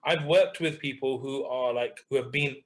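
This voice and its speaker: A man's voice: medium pitch, moderate pace. A man coaching someone in conversation, asking pointed questions and calling him bro. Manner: direct, questioning, calls listener bro.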